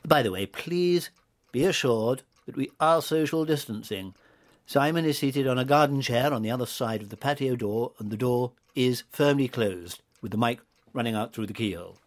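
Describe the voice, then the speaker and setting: A man's voice: mid-range voice, moderate pace. A man hosting a comic weekly review show, pompous and grumbling. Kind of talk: scripted comic radio hosting.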